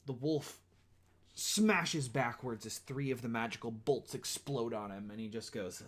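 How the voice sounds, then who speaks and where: A man's voice: mid-range voice, measured pace, a bit bright. A man running a tabletop game as game master, casual and apologetic, with many fillers.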